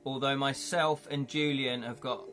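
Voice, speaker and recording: A chatty man running a live-streamed story game, narrating in a mid-range voice and bantering jovially with his viewers. His delivery is relaxed and conversational. Faint music plays softly behind him. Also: mid-range voice, a little slow. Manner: jovial, chatty, reads chat aloud. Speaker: streamer running an interactive gamebook.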